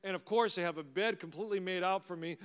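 A clear, resonant, high voice at a quick pace comes from a middle-aged pastor recounting personal stories in his sermon. His style is warm, humorous, anecdotal and conversational, and the recording carries the long reverb of a large hall.

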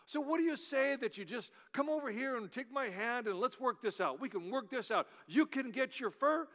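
A man voicing a sly, smooth-talking male bear with a British accent, speaking softly and coaxingly. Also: extremely high pitch, lively intonation, moderate pace, long reverb tail. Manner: soft, coaxing, persuasive.

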